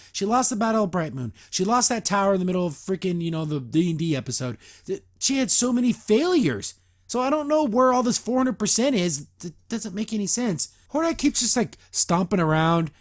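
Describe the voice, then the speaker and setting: A man casually recapping and reviewing a cartoon episode, sarcastic and mocking, paraphrasing the characters loosely. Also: high voice.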